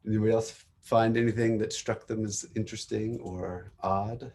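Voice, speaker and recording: A man's voice: lowish voice, steady tone, normal speed, a little mellow, a little hiss or hum. A man hosting a casual technical book club on a video call, thinking aloud and laughing often.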